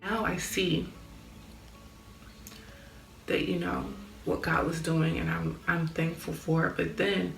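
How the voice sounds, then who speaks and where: A woman's voice: low-pitched, fairly even intonation, a little slow, creaky, echoey room. A young woman sharing a personal faith testimony in a candid, earnest way, with lots of "like". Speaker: vlogger.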